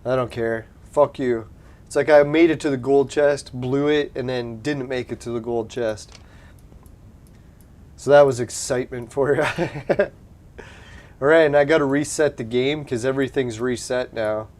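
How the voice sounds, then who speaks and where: This gaming host talks through his play in a relaxed let's-play commentary, full of laughter and free swearing. His mid-range voice is a little slow and a little mellow, with fairly even intonation.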